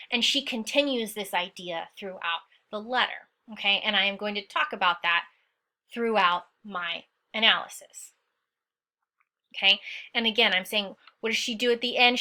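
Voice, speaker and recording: Speaking in a sharp, mid-range voice, a woman teacher leads an essay walkthrough lesson on a piece she wrote herself. She breaks down the quotes and analysis, often checks in with "okay?", and doesn't tolerate lazy writing.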